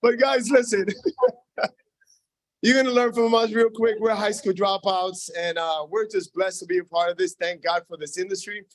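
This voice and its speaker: High-voiced jokey New York City man. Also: normal speed, no room sound. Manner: jokey, animated, frequent "right?" and "uh". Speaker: speaker at a business launch event. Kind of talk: storytelling onstage speech. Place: event room with an audience.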